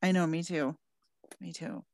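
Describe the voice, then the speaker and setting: A woman's voice: lowish voice, fairly even intonation, unhurried, a little mellow, dry recording. A woman hosting an interview podcast, bubbly and gushing, laughing often as she chats. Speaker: podcast host. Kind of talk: casual interview chat.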